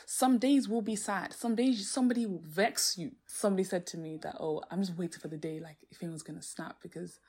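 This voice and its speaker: A woman's voice: lowish voice, brisk, hardly any pauses, a little mellow, husky. A young woman hosting a faith-based podcast, talking earnestly and animatedly, sometimes exclaiming and laughing as she explains Bible verses. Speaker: podcast host. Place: home, street noise outside.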